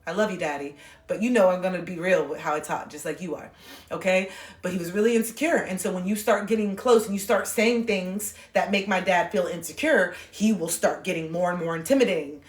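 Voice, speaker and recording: Animated, profane woman livestreaming in a roomy space. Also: lowish voice, brisk, far from the mic. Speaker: livestream host. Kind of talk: casual livestream chat. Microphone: phone.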